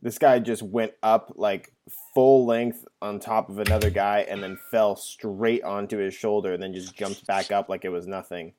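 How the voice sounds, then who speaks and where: A man co-hosting a casual podcast, excitable and swearing freely as he reacts to what he sees. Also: on the low side, moderate pace. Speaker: podcast co-host. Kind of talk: casual chat.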